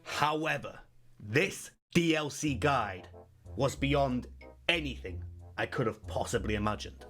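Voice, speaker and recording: A man reading a game guide aloud as a video creator, breaking into giggling fits and loud mock outbursts. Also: medium pitch, animated, a little slow, faint music behind.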